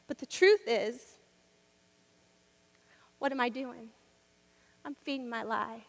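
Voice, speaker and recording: A woman's voice: high voice, unhurried, pauses often, long reverb tail. A woman preaching a sermon in a church, with rhythmic, repetitive and emphatic delivery.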